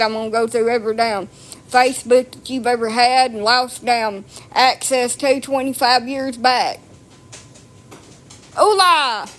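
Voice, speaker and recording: A woman delivering a blunt, profane, mocking rant to camera. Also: a little high. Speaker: vlogger. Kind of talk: ranting monologue.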